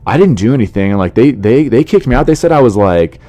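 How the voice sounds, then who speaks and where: A man's voice: medium pitch, animated, fast talker, mellow, voice pushed up, natural voice. A man voicing a tipsy, defensive woman heckler as he retells a story.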